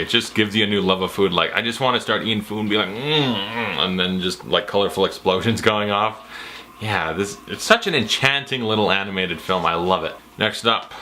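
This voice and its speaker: A man's voice: lowish voice, bright, forceful tone. A young man talking casually and enthusiastically about his new purchases, rambling and breaking into playful put-on quotes. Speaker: vlogger. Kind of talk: casual chat.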